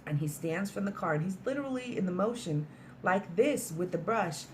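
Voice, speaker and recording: A woman's voice: fairly low pitch, animated, moderate pace, slight background noise. Chatty woman recapping a movie. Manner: chatty storytelling with frequent "like" and mild swearing. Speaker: movie reviewer.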